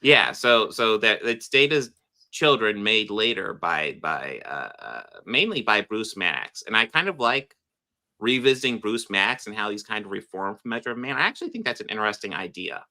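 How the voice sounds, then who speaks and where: Rambling bright-voiced man chatting. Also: fairly low pitch, sing-song, moderate pace. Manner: rambling, swears, laughs often. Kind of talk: casual chat.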